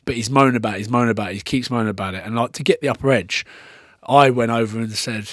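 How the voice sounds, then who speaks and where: A man's voice: mid-range voice, fast talker, fairly bright tone, dry recording, clean studio sound. A man from Scotland, a former rugby player, telling stories as a podcast guest in casual chat. He swears freely and acts out the people he quotes.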